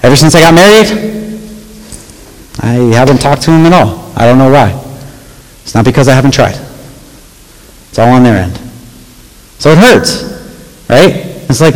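A man's voice: mid-range voice, very animated, measured pace, pauses often. A man giving a casual, conversational sermon to a young audience, often checking in with "right?" and reading scripture aloud. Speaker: youth pastor. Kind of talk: youth sermon. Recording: long hall reverb.

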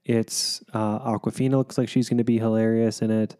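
A man's voice: lowish voice, little pitch movement, fairly quick, dark tone, smooth. A man co-hosting a casual podcast, chatting loosely with lots of fillers. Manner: rambling, with many fillers. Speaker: podcast co-host. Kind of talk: casual chat.

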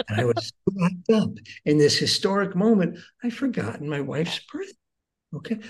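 A guest teacher in his sixties earnestly shares personal stories in conversation, his voice on the high side at a normal speed. He shifts back and forth between excitement and hushed tones.

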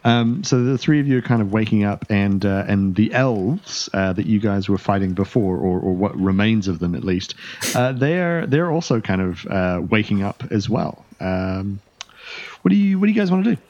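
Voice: sits low, lively intonation, moderate pace, darkish tone, muffled recording. A game master narrating a tabletop game, hesitant with many fillers.

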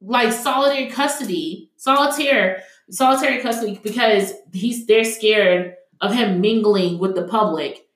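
A woman's voice: mid-range voice, moderate pace. A young adult woman co-hosting a casual podcast, talking emphatically and heatedly with many fillers. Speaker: podcast co-host. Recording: echoey room.

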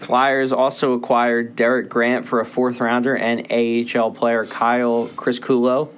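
A man's voice: medium pitch, level tone, clean tone. Rambling young male podcast host. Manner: rambling, heavy fillers, quick bursts. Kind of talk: casual sports podcast chat.

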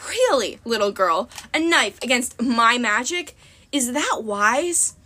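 A woman reading an audiobook, voicing a haughty, mocking female sorceress who turns shrill when upset. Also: huge pitch swings, extremely slow, bright, forceful tone, heavily acted. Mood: sneering.

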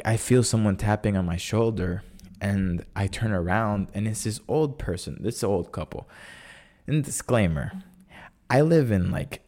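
Man, low voice, solo podcast host, loose rambling storyteller, dry sarcastic humor. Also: warm tone. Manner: chatty and rambling, full of "like" and self-corrections; wry and sarcastic.

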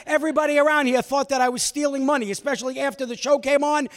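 A man doing a yelling, aggrieved old man. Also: extremely high pitch, fairly even intonation, long reverb tail, pitched above the performer's own voice. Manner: yelling, rapid complaints. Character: indignant elderly man, loud and aggrieved.

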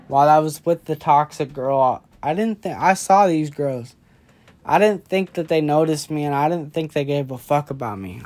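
Tipsy young man rambling. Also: fairly high pitch. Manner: rambling, loose and off-track. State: drunk. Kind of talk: casual late-night chat.

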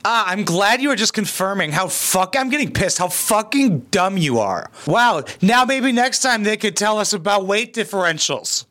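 A man's voice: high-pitched, lively intonation, normal speed, hardly any pauses, sharp tone. A man hosting a reaction video, mocking and sarcastic, with crude comedic commentary.

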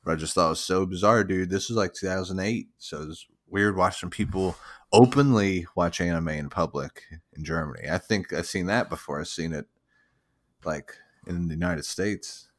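Deep-voiced man joking deadpan. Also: moderate pace. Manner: deadpan joking, peppers talk with "dude". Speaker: podcast co-host. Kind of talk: casual chat.

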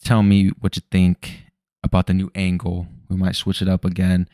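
A man's voice: low voice, completely flat delivery, normal speed, warm tone, dry recording, clean studio sound. A young man rambling casually on his solo podcast at home, loose and full of swearing. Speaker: podcast host. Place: home room at night.

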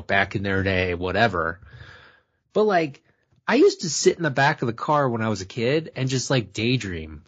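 Male podcast co-host, lively husky voice, animated storyteller, dull lo-fi sound. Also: medium pitch. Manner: animated storytelling, laughs often. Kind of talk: casual chat.

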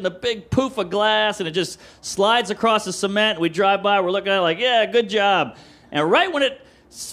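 A middle-aged man from the New Orleans area, telling a rowdy, profane story on a podcast, acting out voices and yelling. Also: high-pitched. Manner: excitable, profane, acts out voices and yells. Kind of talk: animated comedic storytelling. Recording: noisy background hiss.

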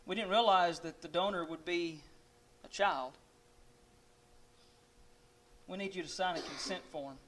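A man voicing a gray-haired old doctor who speaks in a hushed, pleading way. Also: high-pitched, moderate pace, slight background noise. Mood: grave.

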